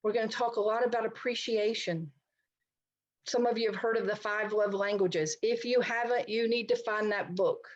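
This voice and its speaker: A woman's voice: medium pitch, a little mellow, dull audio. A middle-aged woman counselor giving an online talk, speaking conversationally and addressing her listeners directly. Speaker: licensed counselor presenting a talk. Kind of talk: online presentation to a society.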